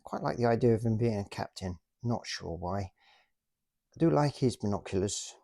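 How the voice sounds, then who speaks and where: A man's voice: on the low side, animated, moderate pace, creaky, mellow, no room sound, clean studio sound. A man hosting a casual show-and-tell about his toy collection, chatty and self-deprecating.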